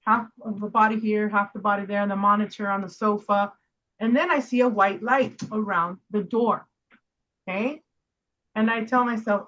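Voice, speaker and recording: A woman hosting a casual chat, telling a personal story in an animated way and speeding up when she quotes herself. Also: mid-range voice, normal speed, pauses often, lo-fi sound. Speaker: host.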